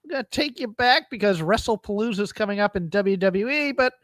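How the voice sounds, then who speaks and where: A man's voice: sits high, animated, brisk, fairly bright tone, dry recording. A man co-hosting a wrestling recap podcast, chatting casually with dry, sarcastic quips. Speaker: podcast co-host.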